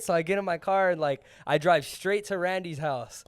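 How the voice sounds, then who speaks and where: A man's voice: sits high, fast talker, hardly any pauses, no echo. A man co-hosting a podcast, telling a profane, rambling story in casual chat and acting out the dialogue. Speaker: podcast co-host.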